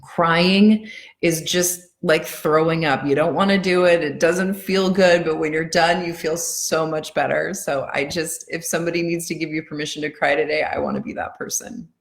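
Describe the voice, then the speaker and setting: A woman leading a tapping session, speaking gentle affirmations slowly and soothingly, then talking earnestly and warmly to her live audience. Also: deep voice, steady tone. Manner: earnest, heartfelt. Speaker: EFT tapping coach. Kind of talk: casual live-stream talk.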